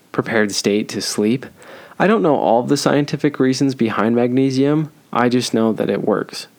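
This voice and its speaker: A man's voice: medium pitch, darkish tone. Casual, joking young man hosting a podcast. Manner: loose and joking, with frequent ums and restarts. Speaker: podcast host. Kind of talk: casual solo podcast advice.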